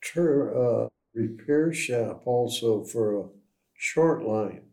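A man recounting researched local history in casual conversation, pausing with fillers as he goes. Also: mid-range voice, animated, creaky, darkish tone.

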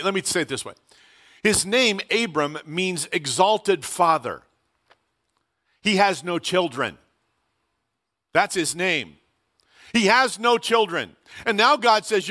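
A man's voice: sits high, sharp tone. A middle-aged man preaching a sermon in a conversational way, asking rhetorical questions and repeating key phrases. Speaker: pastor.

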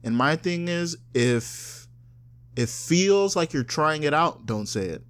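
A man from South Florida co-hosting a casual chat, loose and profane, often mocking people in high put-on voices. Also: expressive, slow pace, clear, resonant tone. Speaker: podcast co-host.

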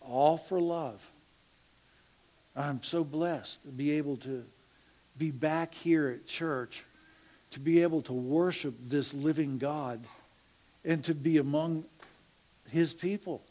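A middle-aged man telling a church testimony in a slow, halting way, with laughs and hushed asides. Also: fairly high pitch. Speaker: church member sharing a testimony.

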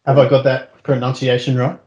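A man's voice: mid-range voice, completely flat delivery, fairly quick, a little mellow, highs cut off. A man with an Australian accent co-hosting a podcast, chatting in an easygoing way over a video call. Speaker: podcast co-host.

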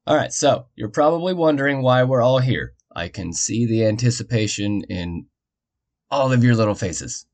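A man's voice: medium pitch, lively intonation, normal speed, darkish tone. A man hosting a history storytelling podcast, narrating casually with jokey, rambling asides and muttered side remarks.

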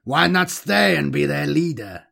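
A man's voice: a little high, animated, measured pace, vocal fry, bright, forceful tone, pitched above the performer's own voice, full character voice. A sardonic commissar in a black coat, cool and dryly mocking, as a male narrator puts him on. His voice sits a little above the reader's and has an odd, changed timbre. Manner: dry, sardonic.

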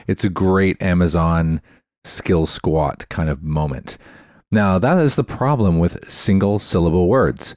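A man's voice: low-pitched, wildly swooping pitch, a little slow, gravelly, darkish tone, no room sound, clean studio sound. A man hosting a tech podcast in a chatty, explanatory way, often spelling words out letter by letter. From Canada. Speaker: podcast host. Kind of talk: casual explanatory podcast talk.

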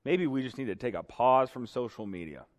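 A man's voice: medium pitch, expressive, brisk. A young man preaching a sermon to a congregation, earnest and emotional. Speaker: pastor. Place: church sanctuary. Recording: reverberant hall.

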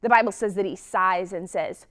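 A woman's voice: medium pitch, normal speed, a bit bright. A woman preacher giving a sermon, earnest and reflective, often asking the listener rhetorical questions.

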